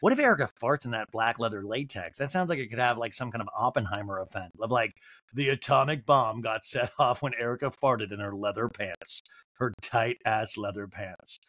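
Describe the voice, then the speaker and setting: A man's voice: medium pitch, fairly quick, fairly bright tone, dry recording. A man hosting a podcast, giving a rambling, comedic recap of a reality show with lots of fillers like "like". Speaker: podcast host.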